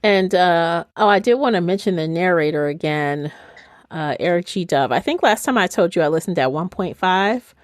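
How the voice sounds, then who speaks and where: Animated woman with a lively voice. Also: fairly low pitch, moderate pace, dry recording, studio quality. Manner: animated, laughs often, swears casually. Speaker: podcast co-host. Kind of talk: casual book chat.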